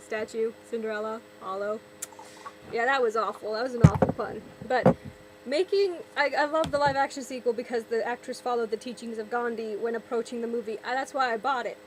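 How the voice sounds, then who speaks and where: A woman's voice: on the high side, brisk, a little hiss or hum, low-quality recording. A young woman vlogger ranting sarcastically, exasperated, often repeating and restarting her words. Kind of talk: ranting vlog commentary.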